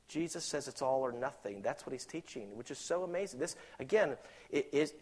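A man preaching a sermon with passion, rising to loud emphatic peaks and dropping to quiet asides, acting out imagined objectors. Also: mid-range voice, animated, fairly quick. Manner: acts out imagined objectors in quoted voices.

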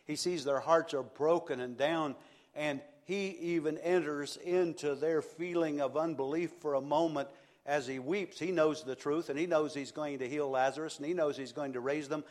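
A male pastor delivers a sermon in an earnest, steady voice. He repeats key phrases and leans on pauses for emphasis. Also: mid-range voice.

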